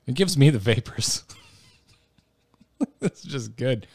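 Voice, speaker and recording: A man's voice: mid-range voice, expressive, slow pace, a little mellow, slightly rough, no room sound. Playful man podcast co-host. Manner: playful, self-mocking, stumbles on names. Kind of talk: casual chat.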